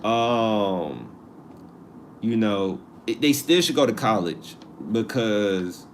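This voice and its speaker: Animated man chatting on a live stream. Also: fairly low pitch, slow, a little hiss or hum. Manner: animated, repeats himself, slangy asides and laughs. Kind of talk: casual live-stream chat reading viewer comments.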